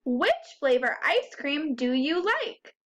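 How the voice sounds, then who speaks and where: During a first grade phonics lesson, a woman speaks in a high-pitched, sing-song way. She breaks words into sounds slowly and clearly and asks the children questions.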